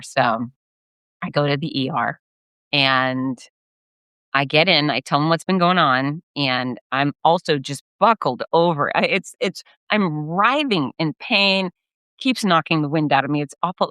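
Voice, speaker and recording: A middle-aged woman hosting her own fitness podcast, telling a personal story in a candid, animated way with some blunt swearing. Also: sits low, no room sound. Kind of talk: casual solo storytelling.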